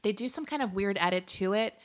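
A woman's voice: medium pitch, fast. A woman co-hosting a podcast in casual chat, giggly and rambling. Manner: giggly, rambling, full of fillers. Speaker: podcast co-host.

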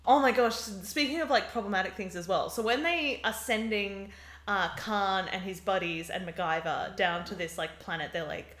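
Animated woman in an echoey room. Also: mid-range voice, moderate pace. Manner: animated, laughs often, quotes characters in a mocking way. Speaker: podcast co-host. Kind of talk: casual chat. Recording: roomy echo.

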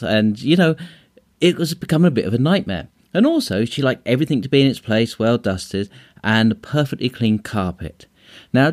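A man with a fairly low voice hosting a solo podcast in a relaxed, conversational way. He explains concepts and tells short anecdotes to illustrate them. He drops in casual asides and fillers as he goes. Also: no echo, clean studio sound. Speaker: podcast host and trainer.

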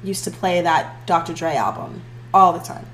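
A woman's voice: on the low side, normal speed, slight background noise, rough recording. Chatty young woman co-hosting a podcast. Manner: chatty, animated storytelling with many fillers. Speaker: podcast co-host. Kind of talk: casual chat.

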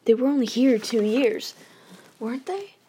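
A woman reading aloud, voicing an eager, chatty young male ghost-hunter who rambles and thinks out loud. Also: fairly high pitch, expressive, moderate pace, a little hiss or hum, close to an everyday voice.

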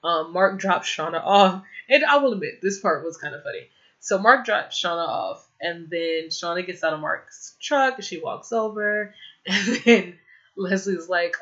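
A woman's voice: lowish voice, lively intonation, unhurried, fairly bright tone. A young woman casually recapping a TV episode, rambling with lots of "like" fillers and exasperated, opinionated asides. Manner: rambling, heavy use of "like" fillers. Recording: slightly dull lo-fi audio.

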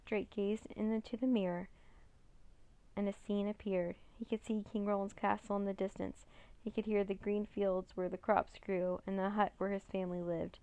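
A woman reading a children's chapter book aloud in an expressive storytelling manner. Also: mid-range voice, normal speed, no echo. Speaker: reader.

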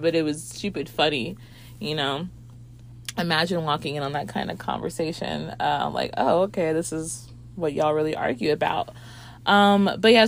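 A woman's voice: low voice, slight background noise. A woman reviewing a movie in a rambling casual chat, with lots of fillers and swearing.

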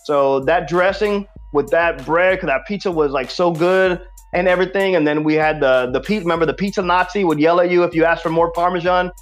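Dude chatting on a podcast, kinda high voice, lots of likes and ums, music faint underneath. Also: male voice, brisk. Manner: rambling, heavy filler words. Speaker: podcast co-host. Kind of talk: casual chat.

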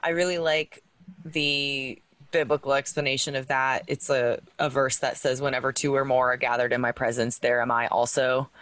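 A man's voice: medium pitch, level tone, normal speed, a bit bright, rough recording. A man in casual conversation, reflecting in an easygoing way. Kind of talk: casual chat.

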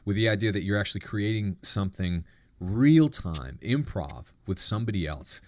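A man's voice: on the low side, animated, normal speed, no room sound. Reflective man hosting, dry sound. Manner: reflective, thoughtful, with restarts. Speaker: podcast host. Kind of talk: conversational interview.

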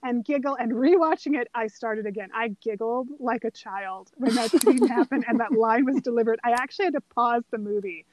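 Giggly high-voiced woman gushing. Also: brisk, hardly any pauses, darkish tone, muffled recording. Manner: giggly, enthusiastic retelling of scenes. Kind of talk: casual chat about a favorite movie.

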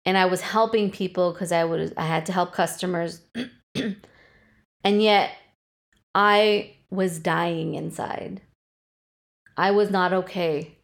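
A woman's voice: on the low side, steady tone, slow pace, gravelly, pauses often. A woman in her thirties hosting a solo podcast, talking candidly and with plenty of swearing about personal feelings. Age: 30s. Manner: candid, profane, emotionally open. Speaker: podcast host.

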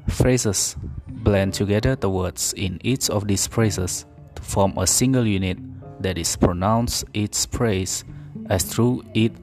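A man slowly reads out an English pronunciation exercise in a low voice. He is careful and deliberate and sometimes stumbles and corrects himself. Music plays clearly behind him. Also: darkish tone. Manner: careful, deliberate, with small slips and self-corrections. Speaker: pronunciation drill reader. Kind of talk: reading an English pronunciation drill aloud.

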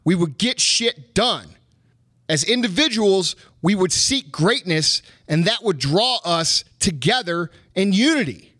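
A man's voice: high voice, expressive, a little slow, a bit bright, dry recording, studio quality. A middle-aged American man hosting a podcast, delivering a profane, emphatic motivational rant with punchy repetition. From United States. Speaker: podcast host.

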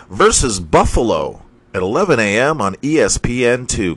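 A man's voice: medium pitch, big pitch swings, moderate pace, few pauses, fairly bright tone, dry recording. A man hosting a sports podcast, reading college football scores in a casual, profane, ranting manner and laughing at his own slips.

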